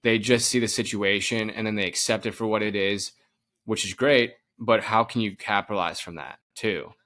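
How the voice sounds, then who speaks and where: Lowish-voiced man, animated podcast chatter. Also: normal speed. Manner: animated storytelling, frequent laughs and restarts. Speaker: podcast co-host. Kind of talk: casual chat.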